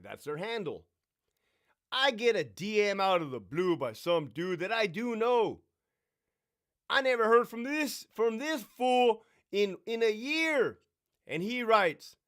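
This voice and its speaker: Middle-aged male streamer, brash and foul-mouthed, lively voice that swoops up and down, slightly high. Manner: brash, swearing, animated storyteller mimicking others. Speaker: livestream host. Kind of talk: profane live Q&A storytelling.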